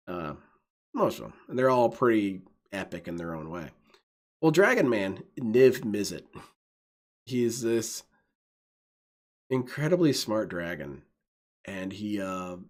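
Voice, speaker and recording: Male let's-play host, animated pitch, excitable rambling delivery. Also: unhurried, long pauses. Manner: enthusiastic, rambling, laughs often. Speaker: gaming video host.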